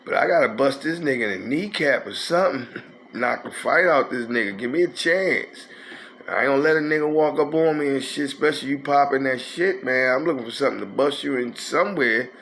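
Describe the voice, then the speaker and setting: Gravelly Philly man in his fifties. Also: mid-range voice, a little fast, fairly bright tone, a little hiss or hum. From North Philadelphia. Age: 50s. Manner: profane, rambling street storytelling with quoted voices. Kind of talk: casual storytelling.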